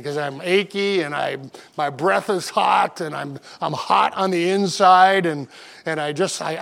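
Guy preaching in a church, highish voice, folksy earnest storytelling, pulpit mic. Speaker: pastor. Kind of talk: sermon with opening prayer. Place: church auditorium.

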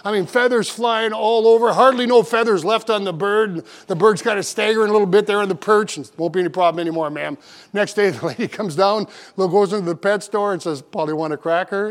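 Brief: male pastor, high-pitched voice, folksy and earnest, preaching from the pulpit. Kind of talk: sermon with opening prayer. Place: church auditorium.

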